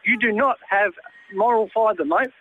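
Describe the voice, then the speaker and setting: A man's voice: high-pitched, measured pace, a crowd in the background. An indignant Australian man on a phone call, talking bluntly and calling everyone mate. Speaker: prank call target. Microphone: telephone. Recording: tinny phone line with faint noise.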